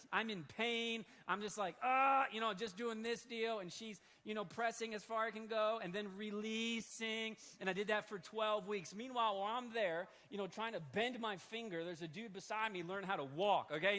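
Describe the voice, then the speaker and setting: A man in his thirties preaching in a church hall, telling a story in an animated, conversational way. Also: high voice. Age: 30s. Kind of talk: sermon storytelling. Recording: long hall reverb.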